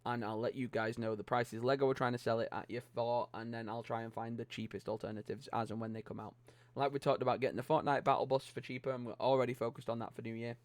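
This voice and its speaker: A man's voice: mid-range voice, flat delivery, fast talker, no room sound. A young British man hosting a LEGO vlog, ranting bluntly about set prices and swearing casually into a close microphone. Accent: British English. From Britain. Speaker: LEGO channel host. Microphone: close desk microphone.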